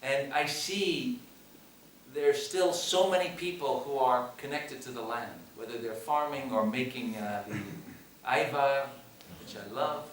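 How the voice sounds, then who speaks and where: Brief: man from the US, film director at a screening Q&A, emphatic and repetitive, mid-pitched, heard from a distance in a roomy hall. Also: measured pace. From United States. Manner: emphatic, repeats phrases, asks rhetorical questions. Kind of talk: post-screening Q&A talk. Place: cinema hall. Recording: echoey hall, voice from far off, faint noise.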